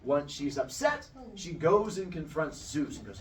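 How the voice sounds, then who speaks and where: Very animated yet a little slow, with few pauses, the storyteller host turns an old myth into a casual comic tale. He playfully jumps into high, squeaky character voices. He's recorded from a distance.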